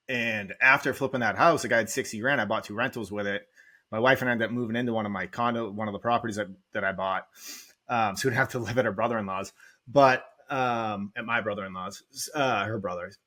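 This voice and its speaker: Here the same kind of speaker, a man guesting on a podcast as a real estate investor, talks in a mid-range voice that is brisk, pushed and bright. He rambles emotionally through his story, close to crying, with "like" cropping up constantly.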